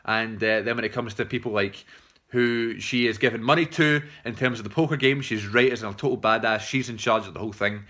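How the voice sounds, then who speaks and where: A young man talks through a film review off the cuff, rambling and swearing as he goes. His voice is bright and forward, and he stops often for fillers and restarts. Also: lowish voice, fairly quick. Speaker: film reviewer, channel host. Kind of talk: casual unscripted film review.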